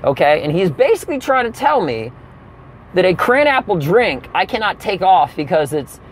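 A young adult man telling a comedic story, animated and profane, with sudden exaggerated outbursts. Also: high-pitched, normal speed, slight background noise.

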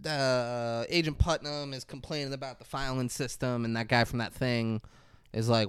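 A man's voice: mid-range voice, steady tone, normal speed, clear, resonant tone, dry recording, studio quality. A man co-hosting a podcast, retelling movie scenes in a loose, profane way and acting out the lines. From Florida. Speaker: podcast co-host. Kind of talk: casual movie recap chat.

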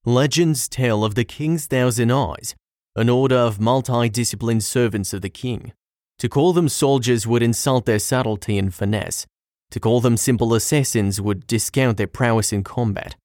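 A man's voice: mid-range voice, moderate pace, a little mellow, no echo, studio quality, natural voice. A man voicing a hearty, worldly male distiller who tells old legends and gives warnings to a friend. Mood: grave.

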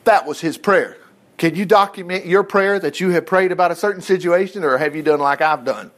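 This preacher's voice is high-pitched and a little fast as he delivers a folksy, chatty sermon. Lively and prone to cutting himself off, he performs the scripture's dialogue as he goes.

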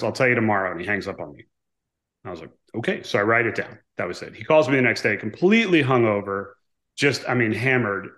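Animated man telling a story. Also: medium pitch. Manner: animated storyteller, acts out quoted dialogue, frequent "right?". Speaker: guest, author and former navy pilot. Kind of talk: casual storytelling interview.

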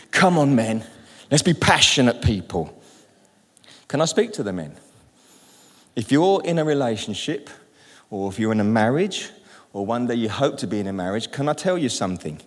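Lively British preacher in a reverberant hall. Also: male voice, mid-range voice. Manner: lively, humorous, calls out to the congregation. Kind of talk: sermon. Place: church hall. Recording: long reverb in a large hall.

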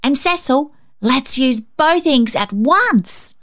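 A woman's voice: a little slow, dry recording, clean studio sound, lightly acted. A woman reading a storybook, voicing an eager, decisive little girl of about five. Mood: excited. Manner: excitable, decisive, high and squealing.

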